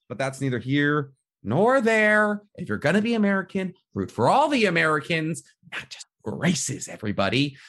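A man's voice: on the high side, very animated, moderate pace, fairly bright tone. A man co-hosting a podcast, joking and trash-talking about sports in casual chat. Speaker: podcast co-host.

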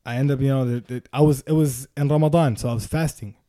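A young man casually telling a story to friends in a loose, slangy way, jumping into loud high bursts when he acts out what people said. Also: fairly even intonation, fast. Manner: loose slangy delivery with repeated fillers.

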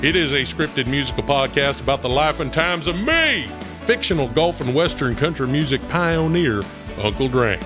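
A man's voice: a little high, animated, moderate pace, natural voice. A man playing Uncle Drank, folksy country singer. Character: folksy male country music pioneer. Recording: music bed under voice. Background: loud music.

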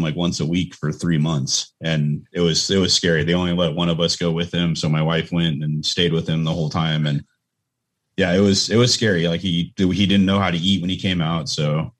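A man co-hosting a podcast, telling a family story in a plain, earnest way. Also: low voice. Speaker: podcast co-host. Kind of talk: casual chat.

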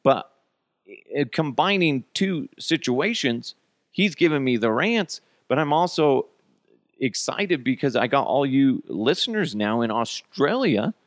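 A man's voice: mid-range voice, animated, measured pace, dry recording. A middle-aged American man hosting a casual solo podcast, joking and ranting with plenty of profanity. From United States. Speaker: podcast host.

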